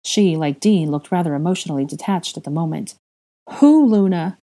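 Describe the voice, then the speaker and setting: A woman with a low, soft, mellow voice narrates a heavy story. She reads the plain passages evenly and jumps up in pitch and volume when characters shout. Her tone stays warm and unhurried between the outbursts. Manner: emotional, raises voice sharply for dialogue. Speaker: fan fiction reader.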